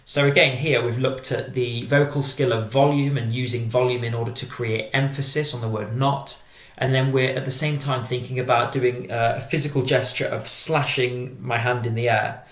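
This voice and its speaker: A man giving a methodical, measured drama exam-prep lesson as a teacher. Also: medium pitch, fairly even intonation, roomy sound.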